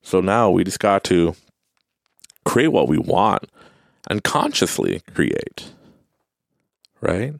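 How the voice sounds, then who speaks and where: Young male host, deep gravelly voice, lively and earnest motivational delivery, dry close sound. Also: slow pace, pauses often, dry recording. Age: young adult. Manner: earnest, repetitive, animated, mimics others in high voices. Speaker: podcast host. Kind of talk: motivational talk.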